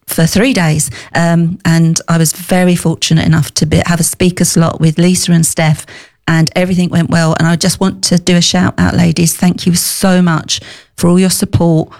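A middle-aged woman hosting a business talk show, chatty with lots of fillers. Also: fairly low pitch. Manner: chatty, warm laughs, many fillers. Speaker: podcast host. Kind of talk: casual chat.

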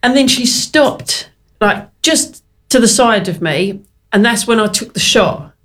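A woman's voice: a little high, lively intonation, a little slow, fairly bright tone. Chatty woman telling a story. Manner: chatty storyteller, laughs often, many fillers. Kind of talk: casual chat.

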